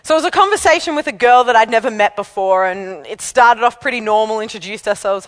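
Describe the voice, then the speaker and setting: Woman, preacher, higher-pitched, chatty, candid, evening sermon. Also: a little fast, fairly bright tone, long reverb tail. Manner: chatty and candid, laughs at herself. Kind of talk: evening sermon with personal story.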